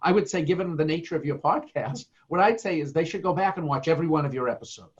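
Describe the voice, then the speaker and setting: A man's voice: fairly high pitch, fast, dull audio, a little hiss or hum. A middle-aged man giving earnest, emphatic career advice as a guest in a podcast interview, with plenty of fillers. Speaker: guest speaker.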